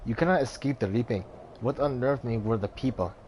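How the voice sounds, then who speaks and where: A man's voice: mid-range voice, brisk, darkish tone, a little hiss or hum, lightly acted. A man voicing a mystic male warrior-turned-merchant in a put-on Indian accent, solemn and riddling, reading game dialogue over music. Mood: cryptic.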